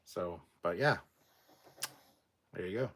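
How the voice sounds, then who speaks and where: A man hosting a casual livestream, reading viewer comments aloud and adding quick, swearing asides. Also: low-pitched, a bit bright, husky. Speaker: livestream host reading chat.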